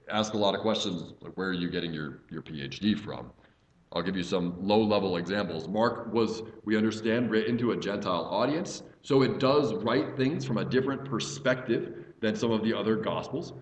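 Earnest pastor in an echoey room. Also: male voice, fairly low pitch. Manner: earnest, reads scripture aloud with emphasis. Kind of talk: Bible study teaching.

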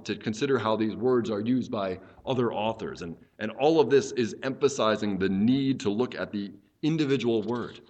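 A man's voice: fairly low pitch, dull audio. A man preaching an expository teaching sermon as a pastor, explaining earnestly and often restarting his phrases as he thinks aloud.

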